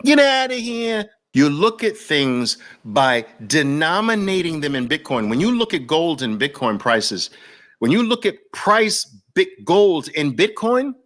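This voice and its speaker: A Brooklyn man with a New York accent hosts an impassioned monologue, preaching fervently through repeated rhetorical questions and lists. His voice is fairly high and sing-song, a bit bright, and he takes his time.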